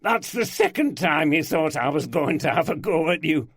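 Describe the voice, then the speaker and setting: A man's voice: a little high, big pitch swings, moderate pace, fairly bright tone, breathy edge, no echo, studio quality, voice pushed up, heavily acted. Man voicing hearty Yorkshire police chief. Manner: hearty, chuckling. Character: Yorkshire police superintendent, jovial, teasing.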